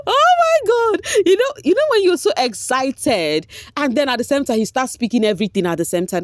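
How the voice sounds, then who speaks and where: A woman with a Nigerian accent in a casual vlog, giving an emotional, animated recap of a reality show and slipping into Pidgin now and then. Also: on the low side, dry recording.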